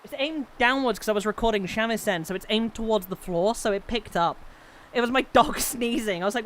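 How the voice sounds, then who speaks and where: A woman's voice: a little high, a little fast, slight background noise. A woman chatting casually on a live gaming stream from her home studio, swearing now and then. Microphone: studio microphone.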